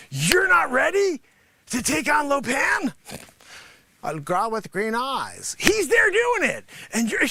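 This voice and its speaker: A man playing a boastful, money-grubbing karate sensei who scolds his class and breaks into shouts. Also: sits high, dry recording, heavily acted. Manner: bragging, scolding, swings into shouts. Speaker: livestream host. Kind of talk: improvised comedy character bit.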